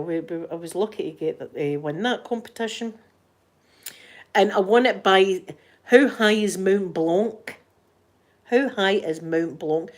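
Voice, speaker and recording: A middle-aged woman with a Scottish accent, chatting casually with viewers and telling a story, often laughing as she talks. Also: mid-range voice. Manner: chatty, laughing storyteller, talking to live chat. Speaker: ASMR streamer chatting with viewers. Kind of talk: casual chat.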